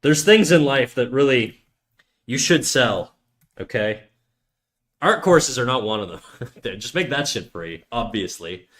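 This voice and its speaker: A man from Canada chats casually on a drawing stream, full of crude jokes and cursing. His medium-pitched, slightly bright voice has lively intonation, and he speaks a little slowly with long pauses.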